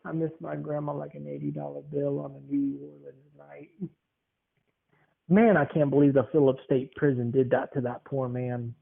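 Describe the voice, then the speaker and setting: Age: 20s. Sex: man. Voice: a bit high, tinny phone-like sound. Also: flat delivery, normal speed, creaky. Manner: rambling, chuckling storyteller. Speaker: podcast host. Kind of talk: casual rambling monologue.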